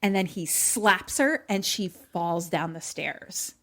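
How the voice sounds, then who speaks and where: A woman's voice: on the low side, slow. A woman co-hosting a podcast over a remote call, casually retelling a film plot and acting out the characters' lines with frequent laughter. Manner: animated, acts out characters' lines, laughs often. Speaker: podcast co-host.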